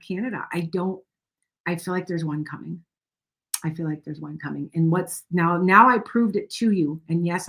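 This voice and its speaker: A middle-aged woman hosting a casual livestream tarot reading, rambling and reassuring viewers by name. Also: on the low side. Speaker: tarot reader and livestream host.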